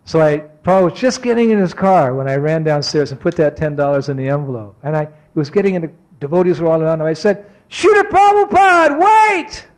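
A man with a fairly high voice gives a devotional talk, telling a personal story. He acts out remembered moments with animation, then eases into softer, slower reflection. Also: poor audio. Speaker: spiritual teacher giving a talk.

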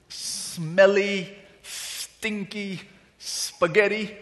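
Man doing a pushy customer, raised pitch, bright, echoing hall. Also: heavily acted. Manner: loud, insistent, over-the-top demands. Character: grown man gleefully ordering disgusting food. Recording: reverberant hall.

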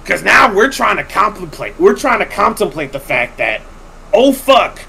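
Animated man with a gravelly voice. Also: high voice, moderate pace, slight background noise, low-quality recording. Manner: animated, profane, acts out quoted people. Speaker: podcast host telling a story. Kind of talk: casual storytelling.

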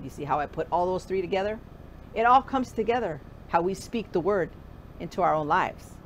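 A woman's voice: medium pitch, slight background noise. A woman pastor preaching a conversational sermon, often asking the listener direct questions.

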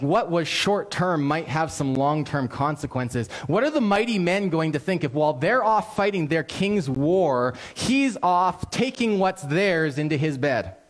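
A male pastor preaching a sermon, telling a story in an animated, conversational and earnest way. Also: a little high.

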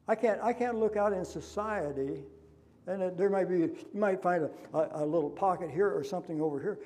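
Gravelly male pastor preaching. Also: fairly high pitch, mellow. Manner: impassioned preaching with rhetorical questions. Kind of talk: sermon. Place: church sanctuary.

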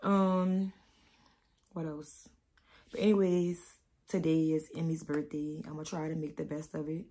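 Husky low-voiced New mother. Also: little pitch movement, mellow. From New Orleans. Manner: candid, rambling, slow with many pauses. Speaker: vlogger, mother. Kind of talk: emotional casual vlog talk.

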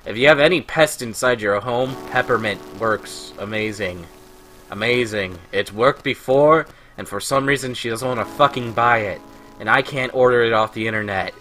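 Over faint background music, a man with a mid-range, sharp-toned voice hosts a let's play at a moderate pace. His casual gameplay commentary turns into profane storytelling and ranting, with plenty of swearing.

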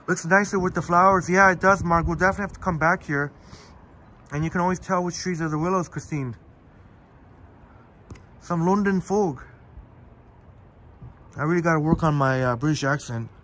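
A man's voice: a little high, brisk, a bit bright, slight background noise. A man hosting a live-streamed walk outdoors, chatting casually and answering viewers by name. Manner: chatty, reads viewer comments aloud by name. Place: outdoors in a park, walking. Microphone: phone on a live stream.

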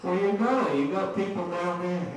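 A man doing a stand-up set, rambling and profane, laughing at his own jokes. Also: fairly high pitch. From Maine. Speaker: stand-up comedian. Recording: echoey room, distant mic, faint noise.

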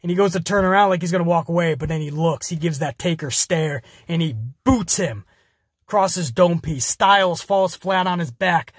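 A man's voice: fairly high pitch, normal speed, slightly rough, dry recording, studio quality. A man hosting a podcast, energetically retelling a wrestling show in casual, profane language. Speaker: podcast host.

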